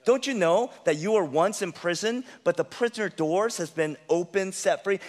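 A man's voice: high voice, normal speed, hardly any pauses, long reverb tail. A male pastor preaching a sermon, building up with rhetorical questions and emphatic repetition. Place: church sanctuary.

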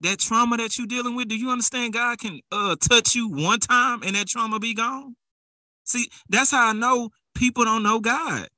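Fervent male preacher, bright close voice. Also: very high voice, normal speed, no room sound. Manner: conversational, rising to fervent exhortation. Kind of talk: sermon.

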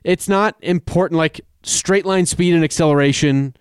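Male co-host, calm reasoned sports talk, clear voice, dry room. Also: a little high, moderate pace, no room sound. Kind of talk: casual sports chat.

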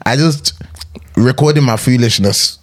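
A man's voice: medium pitch, measured pace. A young man from England with a British accent, a comedian guest chatting casually in slangy, laid-back talk and laughing often. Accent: British English. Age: young adult. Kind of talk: casual chat.

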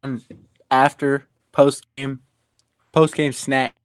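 A man co-hosting a casual podcast over a remote call, making crude, halting remarks. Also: mid-range voice, level tone, clear, resonant tone, no room sound. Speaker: podcast co-host. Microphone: remote call with a dropping connection.

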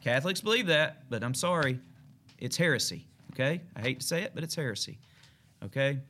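A man's voice: fairly high pitch, expressive, a little fast, pushed and bright, slight background noise. A man preaching to a small church group, folksy and emphatic, building up and then easing off. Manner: folksy, emphatic preaching with rising and falling intensity. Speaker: pastor. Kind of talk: midweek Bible study sermon.

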